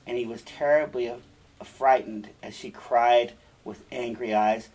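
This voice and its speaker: A man's voice: mid-range voice, steady tone, a little slow, a little mellow, poor audio. A man reading a fairy tale aloud and stopping often to explain its lessons in a conversational way. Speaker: storyteller and teacher.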